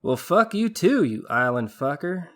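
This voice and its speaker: A man's voice: fairly high pitch, very animated, a little slow, pitched above the performer's own voice. A man voicing a brash, rowdy cowboy with a crude, folksy swagger. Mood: indignant.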